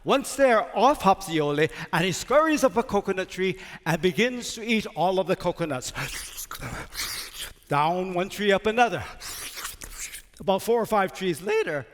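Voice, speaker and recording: An older man telling a folktale on stage, slow, dramatic and expressive. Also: sits high. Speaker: storyteller. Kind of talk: theatrical folktale storytelling. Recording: reverberant stage hall.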